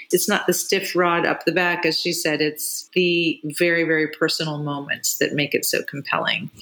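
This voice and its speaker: A woman's voice: sits low, fairly bright tone. A woman co-hosting a podcast, talking expressively and gushing about shows and music, laughing readily. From Los Angeles area. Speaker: podcast co-host. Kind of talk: casual interview chat.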